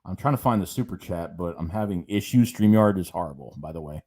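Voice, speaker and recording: A man with a low, mellow yet expressive voice talks fast while hosting a fan channel's live-stream sports rant. He rambles, repeats phrases and uses many fillers, stopping between rants to read viewer chats aloud.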